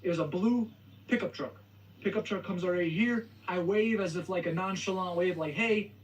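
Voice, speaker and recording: A man's voice: sits high, moderate pace, distant mic, rough recording. A young man hosting his video, retelling a story in a hesitant way that stutters and restarts. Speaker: video host. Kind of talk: storytelling vlog. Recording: video playing from across the room.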